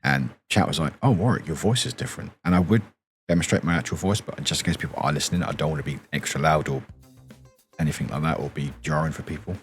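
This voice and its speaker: A British man streaming late at night with a deep, quiet morning voice, rambling and giggling as he answers his chat. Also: fairly even intonation, fast talker, faint music behind.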